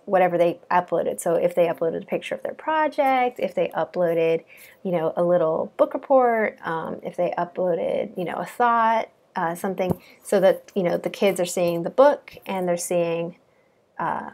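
A woman, a coding bootcamp student, chatting casually and giggling as she walks through her project. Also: on the low side. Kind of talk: casual screen-share walkthrough.

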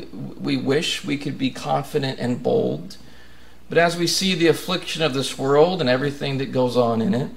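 Earnest male preacher with gravelly voice. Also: high-pitched, a bit bright. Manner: earnest, rising to emphatic questions. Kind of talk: sermon.

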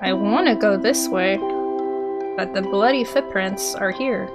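A woman hosting a let's play, thinking aloud in a chatty, unsure way and often yelling out in excitement. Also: medium pitch, unhurried. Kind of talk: gaming commentary. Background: game music.

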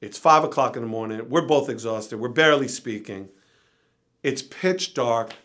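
A man's voice: medium pitch, moderate pace, a bit bright. A middle-aged man telling a wild story as an interview guest, acting out quotes and swearing freely. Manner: vivid anecdote with acted-out quotes and swearing. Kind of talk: animated storytelling.

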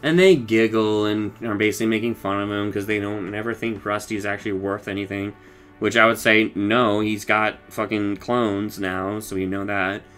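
A man's voice: on the low side, fairly even intonation, moderate pace, a bit bright, faint music behind. A young man recapping a cartoon episode in casual chat. He rambles, swears, laughs a lot and acts out the lines as he retells them. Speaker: show reviewer.

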